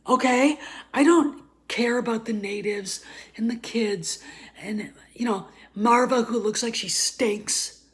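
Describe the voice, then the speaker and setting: Woman vlogger, unhurried and blunt, casual ranting commentary with sudden loud flare-ups. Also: on the high side. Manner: blunt, profane, drops to murmurs then flares up loud.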